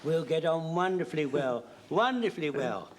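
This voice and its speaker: An actor playing an excitable older home guard corporal who rambles and trips over his words, in a 1970s sitcom. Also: on the high side, moderate pace, a little hiss or hum. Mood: fussy.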